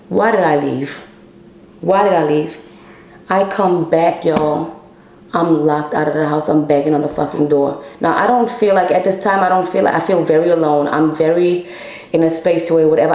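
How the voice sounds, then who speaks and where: A young woman tells her viewers a personal story in a casual storytime, candid and emotional, swearing freely and addressing them as y'all. Her voice is low and a little mellow, and the rough recording has a roomy sound.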